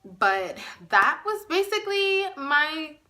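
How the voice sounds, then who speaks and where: A young woman vlogger telling a personal story to camera in a chatty way, often pausing on fillers and close to tears. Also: sits high, big pitch swings, sharp tone. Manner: chatty, with many fillers and restarts; emotional, near tears.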